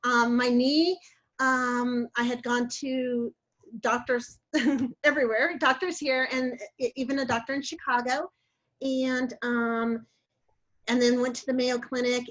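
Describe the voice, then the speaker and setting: A woman's voice: fairly high pitch, fairly bright tone, muffled recording. An older woman, her voice affected by allergies, telling her story in a chatty, rambling way with many fillers. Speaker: coaching client. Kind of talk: casual interview storytelling.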